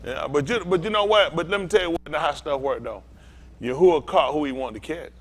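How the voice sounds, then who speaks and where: A man's voice: a little high, brisk. A man preaching an informal sermon, telling a story and acting out both sides of it with lots of laughter. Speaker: pastor.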